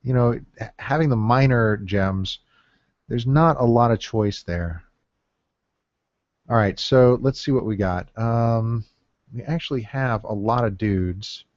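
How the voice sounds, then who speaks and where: A man's voice: mid-range voice, slow, pauses often, darkish tone, dry recording. A man giving casual commentary while drafting in a card game, thinking aloud with many fillers and counting under his breath. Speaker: gameplay commentator. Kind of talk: casual deck-building commentary. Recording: dull lo-fi dry mic.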